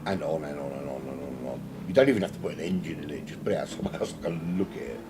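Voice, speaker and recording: A man with a South London accent calls a sim race alone from his home, drifting into jokey, self-mocking asides. His voice sits low. A steady hiss of background noise runs under the recording. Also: rapid-fire, hardly any pauses. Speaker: sim racing commentator. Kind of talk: solo race commentary.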